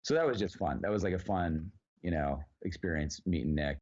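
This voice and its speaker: Low-voiced man rambling through a story. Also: a little fast, a little mellow. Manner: rambling, lots of "like" and "you know", swears freely. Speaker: actor guest. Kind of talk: casual storytelling anecdote. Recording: dull lo-fi sound.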